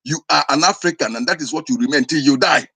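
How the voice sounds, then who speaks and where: Igbo accented guy scolding his listeners, husky, a bit high, keeps restarting words. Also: fast, sharp tone. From southeastern Nigeria. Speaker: traditional spiritual teacher. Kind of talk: impassioned preaching to camera.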